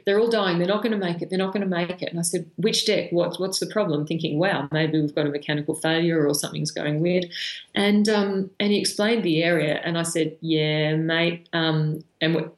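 Australian woman guest, a frank vet with a deep voice who tells anecdotes full of "um"s, recorded in an echoey room. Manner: frank, anecdotal, with many fillers and restarts. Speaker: veterinarian guest. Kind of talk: conversational storytelling interview. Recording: roomy echo.

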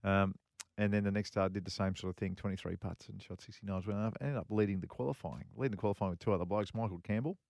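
A middle-aged man rambles through a story on a golf chat show, circling back and repeating himself as he goes. His voice sits fairly low, and the sound is close and dry, with no room around it. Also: fairly even intonation, fast, creaky, hardly any pauses, darkish tone, no echo. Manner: rambling, repeats phrases, many fillers. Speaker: co-host and former pro golfer. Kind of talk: casual radio chat, storytelling.

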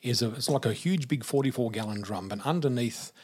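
An Australian man in his fifties telling vivid personal stories of his childhood as a podcast guest, in an unhurried way. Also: medium pitch, darkish tone, husky. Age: 50s. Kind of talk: personal storytelling.

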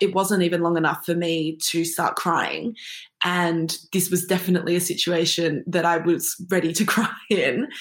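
A woman's voice: on the low side, roomy sound. A woman guest on an interview podcast, telling a personal story wryly and often laughing as she goes.

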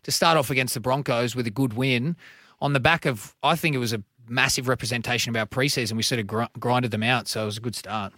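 Man, football guest, easygoing, rambling, bright, dry studio. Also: mid-range voice, quick pace, dry recording. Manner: easygoing, rambling, repeats himself. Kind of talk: casual radio interview. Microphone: studio mic.

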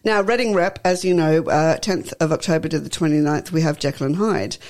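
A woman's voice: low voice, fairly quick, a little mellow. A woman co-hosting a local radio show, chatting through theatre listings with lots of fillers and laughter. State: short on sleep. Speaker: radio co-host.

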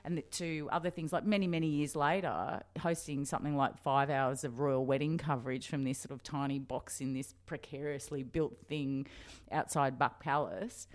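An Australian woman in her fifties, a broadcaster telling lively stories in a casual interview and laughing often. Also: extremely low pitch, normal speed, hardly any pauses. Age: 50s.

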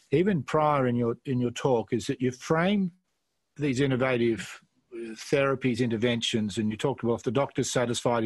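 A man's voice: mid-range voice, dry recording. Australian male questioner, hesitant and self-deprecating, dry close sound. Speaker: panel questioner. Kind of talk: conference discussion.

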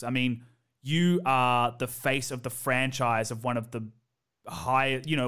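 A man hosts a relaxed podcast conversation, speaking in a mid-range voice. He talks with strong opinions, rushing through some points and drawing out others for emphasis. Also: medium pitch. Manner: opinionated, animated speeding up and slowing down. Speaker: podcast host. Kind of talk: casual podcast chat.

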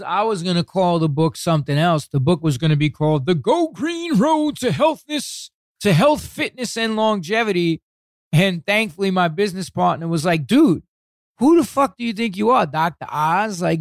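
Profane, animated New man, older. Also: on the high side, no echo, studio quality. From New York City. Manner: profane, animated, acts out quotes. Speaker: guest. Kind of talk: casual interview storytelling.

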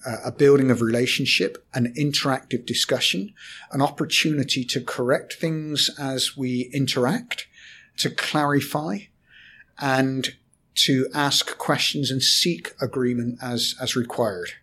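A man, a corporate trainer explaining communication in a podcast discussion, measured and hesitant at times. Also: mid-range voice, sharp tone, husky.

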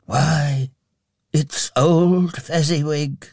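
A man's voice: mid-range voice, animated, slow pace, darkish tone, no room sound, studio quality. A man voicing a remorseful old miser. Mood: wistful.

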